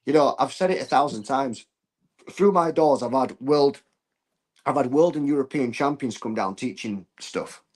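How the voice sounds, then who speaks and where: A man, a martial arts coach chatting as a podcast guest, telling stories in a blunt, earthy, animated way. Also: mid-range voice, normal speed. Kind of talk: casual podcast chat.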